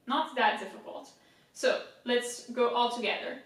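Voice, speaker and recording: A woman's voice: fairly high pitch, moderate pace, a bit bright. A woman giving a casual video lesson on French pronunciation, patiently spelling words out syllable by syllable with light self-mocking humor. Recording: very echoey room, voice from a distance.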